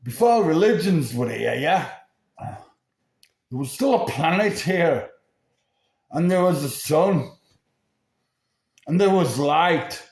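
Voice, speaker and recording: A man's voice: on the high side, lively intonation, slow, long pauses. A man in his sixties from England, delivering a rambling, sweary monologue to camera and constantly checking in with the listener. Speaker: vlogger. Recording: echoey room.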